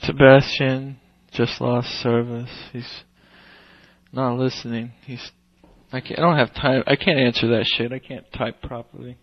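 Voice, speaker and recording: A man's voice: mid-range voice, level tone, a little slow, highs cut off. Rambling, profane young man streaming. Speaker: livestream host. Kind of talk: casual livestream chat.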